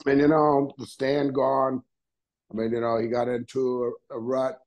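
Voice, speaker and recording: A man, a retired wrestler telling animated stories in an interview, acting out voices and laughing often. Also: mid-range voice, unhurried, poor audio. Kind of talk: storytelling interview.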